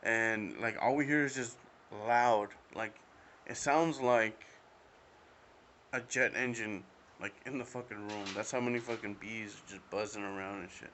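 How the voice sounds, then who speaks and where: A man's voice: fairly low pitch, fairly even intonation, measured pace, fairly bright tone, a little hiss or hum. A young man hosting a podcast, telling a story alone in a rambling, casual way, heavy on fillers and swearing. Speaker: podcast host.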